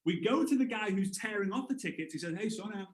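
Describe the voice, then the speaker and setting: A man in his thirties leads an upbeat sales training. His voice sits high for a man and jumps around as he tells stories. The room leaves a noticeable echo on every word. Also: fast. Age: 30s. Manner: energetic storyteller, acts out voices with big jumps. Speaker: network marketing trainer. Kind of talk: live motivational sales training.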